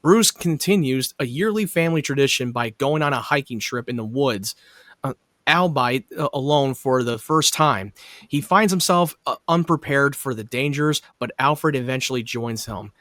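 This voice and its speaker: A man's voice: medium pitch, animated, normal speed, a bit bright, no echo, clean studio sound. A man hosting a casual podcast who reads episode summaries, stumbling and restarting over words. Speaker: podcast host.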